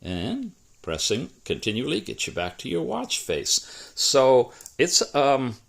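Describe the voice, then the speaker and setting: Man, tech reviewer, casual product walkthrough, lively up-and-down pitch. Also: slow pace, gravelly.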